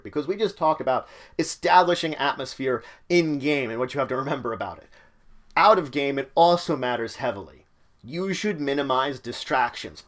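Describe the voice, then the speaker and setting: A man's voice: mid-range voice, fairly bright tone. Man giving casual tabletop game advice. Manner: conversational, loose phrasing with frequent fillers. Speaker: channel host giving game-mastering advice. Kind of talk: casual instructional talk.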